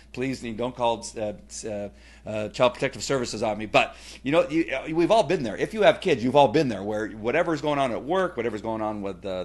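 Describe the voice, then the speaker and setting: A middle-aged man with a fairly low voice talks through a casual personal testimonial. He rambles, restarts often and fills pauses. He gets animated when he retells scenes at home. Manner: rambling, many fillers and restarts. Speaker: testimonial speaker.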